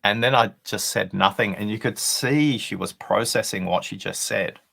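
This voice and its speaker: With a fairly low, husky voice marked by vocal fry and a fairly bright tone, a man talks at normal speed. He is an author guesting on a leadership show via video call, telling a story earnestly and explanatorily while acting out quoted lines.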